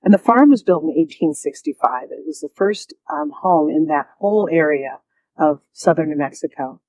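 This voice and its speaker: A woman telling her own story as an interview guest, lively and often laughing, acting out the voices she quotes. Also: sits low, moderate pace, dry recording, rough recording.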